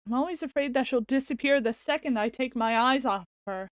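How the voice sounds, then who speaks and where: A woman streamer reading a visual novel's narration aloud and exclaiming excitedly as she plays. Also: high-pitched, no echo, studio quality. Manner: expressive, quick to exclaim.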